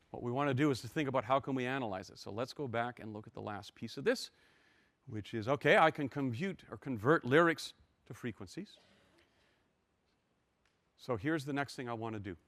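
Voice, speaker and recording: A man's voice: mid-range voice, fairly bright tone, no echo. Older man lecturing through code. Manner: wry, self-deprecating, talks through code step by step. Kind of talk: university lecture.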